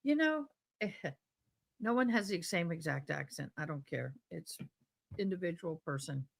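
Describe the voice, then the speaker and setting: A woman's voice: fairly low pitch, animated, unhurried, vocal fry. A woman with a Tidewater Virginia accent hosting a live stream, chatting casually and rambling as she reads comments aloud.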